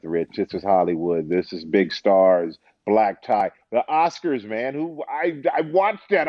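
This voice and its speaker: A man guest in a casual interview, an animated storyteller who acts out the voices he quotes. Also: low-pitched, dry recording, muffled recording. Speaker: interview guest, former football player and TV host.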